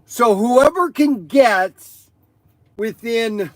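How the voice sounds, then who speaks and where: Man, live-stream host, high voice, dry close sound, rambling, excitable, lots of ums. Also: drawn-out words, no echo. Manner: rambling, excitable, many fillers. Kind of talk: casual live-stream chat.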